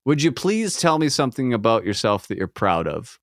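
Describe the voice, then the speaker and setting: A man's voice: medium pitch, very animated, a little fast, no echo, studio quality. A man with a Midwestern American accent hosting a casual podcast interview, joking and putting on silly voices. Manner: playful, jokey, acts out voices. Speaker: podcast host.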